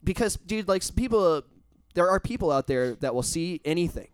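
A man's voice: sits high, lively intonation, moderate pace, smooth, dry recording. Man chatting, rambling and swearing, dry sound. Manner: rambling, swears a lot, emphatic. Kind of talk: casual chat.

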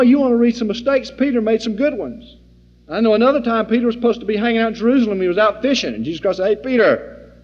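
A man teaching an informal sermon, folksy and animated, acting out the scenes he describes. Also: on the high side. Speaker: Bible teacher. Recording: dull lo-fi recording in a reverberant hall.

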